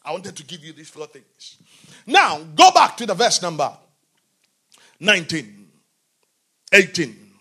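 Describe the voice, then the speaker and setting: A man preaching a sermon, often asking the congregation questions and swinging between shouting and quiet talk. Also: sits high, very animated, a little slow, long pauses, slightly rough.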